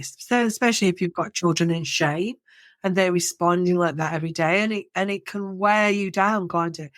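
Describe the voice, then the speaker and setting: A middle-aged woman speaks in a fairly low register, sounding dry and close to the mic. She talks casually on a podcast. She tells stories animatedly and often restarts her sentences. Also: no echo. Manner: animated storytelling, many restarts and self-corrections. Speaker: podcast co-host.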